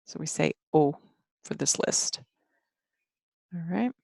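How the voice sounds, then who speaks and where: A woman with a low voice teaches a screen-share phonics lesson. She speaks slowly and patiently, repeating each sound. The recording is dry, with no room echo. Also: animated, creaky, darkish tone, slightly rough.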